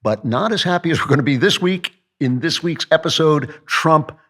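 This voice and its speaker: A man's voice: fairly high pitch, lively intonation, fairly quick, a bit bright. A male podcast host giving a comedic political monologue, full of sarcastic jokes and asides.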